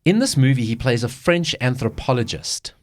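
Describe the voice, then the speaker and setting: A man co-hosting a casual podcast, retelling movie plots in an animated way and swearing freely. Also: medium pitch, moderate pace. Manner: animated storytelling, swears, acts out quotes. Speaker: podcast co-host. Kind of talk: casual chat.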